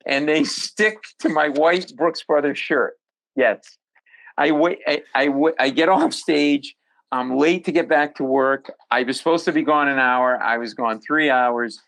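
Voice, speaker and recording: A man, a comedian guest on a podcast, telling stories in an animated, jokey way. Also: fairly high pitch, unhurried, poor audio. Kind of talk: storytelling in a podcast interview.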